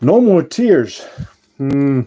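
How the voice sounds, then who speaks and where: A man hosting a casual livestream, chatting with viewers and answering their comments, unhurried and full of fillers and self-corrections. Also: medium pitch, big pitch swings, dark tone, muffled recording. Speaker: ant-keeping channel host and shop owner.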